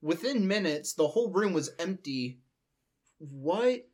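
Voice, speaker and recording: A man's voice: on the high side, expressive, slow, a little mellow, breathy edge. A young man reading a fan story aloud for laughs, breaking off for joking asides. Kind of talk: comedic dramatic reading.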